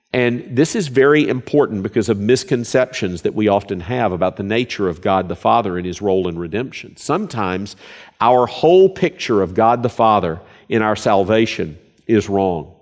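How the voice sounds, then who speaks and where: A man preaching a sermon, earnest and emphatic, often repeating phrases for stress. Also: on the low side.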